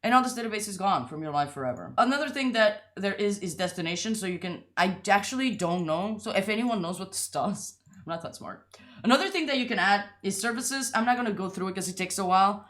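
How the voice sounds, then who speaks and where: A woman's voice: mid-range voice, animated, fast, a bit bright. A young woman talking casually through a coding tutorial, chatty and rambling, with a lot of "like" and some self-deprecating jokes. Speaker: tutorial host.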